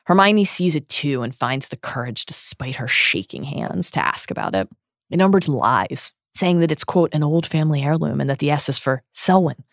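A woman's voice: deep voice, expressive, normal speed, dry recording, clean studio sound. A woman hosting a podcast, recapping a book in an earnest, dramatic reading. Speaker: podcast host.

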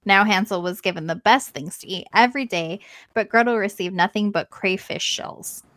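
A woman's voice: mid-range voice, moderate pace, fairly bright tone, dry recording, clean studio sound. A woman co-hosting a podcast, reading a fairy tale aloud and breaking off to joke and comment on it. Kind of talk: casual read-aloud with banter.

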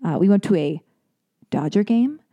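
A woman's voice: medium pitch, lively intonation, normal speed, warm tone, no echo, highs cut off. A woman hosting a podcast, talking casually in a rambling, self-deprecating way with lots of fillers and joking asides. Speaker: podcast host. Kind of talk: casual personal monologue.

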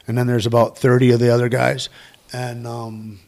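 A middle-aged man, a guest actor, telling profane, energetic stories in a casual interview. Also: medium pitch, moderate pace, gravelly.

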